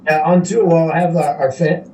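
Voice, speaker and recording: A man's voice: a little high, normal speed. Man telling stories in an echoey room. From Canada. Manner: animated, laughs through his stories. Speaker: guest angler. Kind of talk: casual storytelling. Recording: echoey room, voice from a distance, faint hiss.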